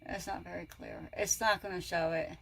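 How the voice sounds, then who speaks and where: A woman's voice: on the low side, fairly even intonation, fairly quick, creaky. A woman reseller chatting casually and telling rambling stories while she packs orders. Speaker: reseller vlogger. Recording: loud background noise.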